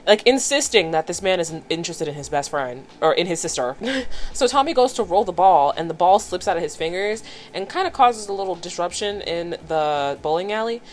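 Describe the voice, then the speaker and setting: A woman's voice: on the low side, animated, a little fast, slight background noise. A woman vlogger casually recapping a cartoon episode with chatty, playful commentary.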